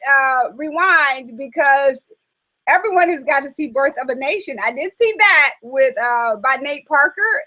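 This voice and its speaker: A woman's voice: a little high, low-quality recording. Chatty woman hosting a casual talk. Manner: chatty, animated, many fillers. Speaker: host. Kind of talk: casual chat.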